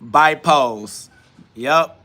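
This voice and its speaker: A man's voice: on the high side, drawn-out words, pushed and bright. Laughing, mocking man ranting on a live stream. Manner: laughing, mocking, profane, preachy. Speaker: podcast host reading live comments. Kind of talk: live-stream self-talk rant.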